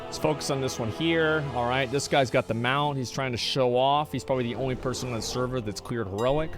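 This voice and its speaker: A man's voice: medium pitch, fairly quick, over music. A man streaming live, ranting casually and with frequent swearing while he answers chat. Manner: profane, exasperated ranting.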